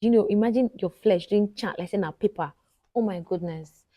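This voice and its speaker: A woman's voice: medium pitch, moderate pace, mellow, no room sound. A Nigerian woman vlogger telling a personal story to camera, chatty and often talking straight to her viewers. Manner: chatty, frequently addresses viewers directly.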